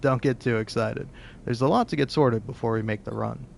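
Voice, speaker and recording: A man voicing a nervous, weary spacefaring planner from a video game, using his own voice pitched slightly higher. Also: fairly even intonation, a little fast, vocal fry, slight background noise. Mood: planning. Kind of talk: reading game dialogue aloud.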